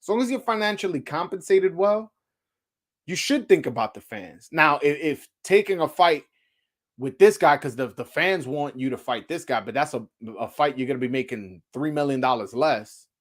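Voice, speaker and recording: Animated man ranting about boxing. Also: fairly high pitch, moderate pace. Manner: animated, profane, rhetorical questions, repeats himself. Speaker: boxing commentator, show host. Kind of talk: casual opinion rant.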